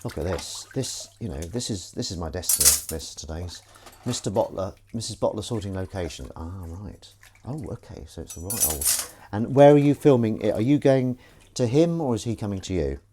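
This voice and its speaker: A man's voice: on the low side, expressive, moderate pace, hardly any pauses, warm tone, a little hiss or hum. A man hosting a casual livestream, chatting and reading viewer comments while he washes dishes in his kitchen. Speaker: livestream host. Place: home kitchen at the sink. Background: clinking cutlery and running water.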